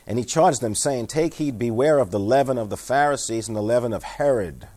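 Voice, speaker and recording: A man's voice: mid-range voice, fairly quick, darkish tone. A man giving a sermon, reading scripture aloud, explaining it in everyday words, and asking his listeners questions. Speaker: pastor.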